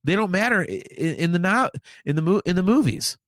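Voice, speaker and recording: A man's voice: high voice, lively intonation, a little fast, no echo, studio quality. Rambling, swearing podcast co-host man. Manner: rambling, repeats words, swears casually. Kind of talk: casual chat.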